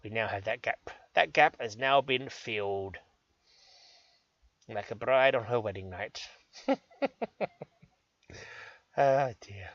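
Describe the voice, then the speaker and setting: Cheeky chatty Englishman, bright dry sound. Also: lowish voice, takes it slowly, long pauses, no room sound, dull audio. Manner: cheeky, self-deprecating, chatty. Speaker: gaming channel host. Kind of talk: rambling gameplay commentary.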